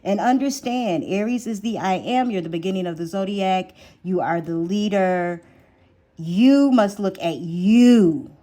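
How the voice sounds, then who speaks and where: Speaking a little slowly in a mellow, mid-range voice, a woman does a relaxed tarot reading. She chats, repeats phrases to stress them, and whispers while pulling cards.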